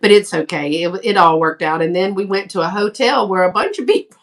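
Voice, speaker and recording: A woman, telling animated stories in a casual chat and acting out what people said, laughing often. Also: mid-range voice, brisk, far from the mic. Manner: animated, laughing storyteller who acts out quotes. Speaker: guest, fellow reseller.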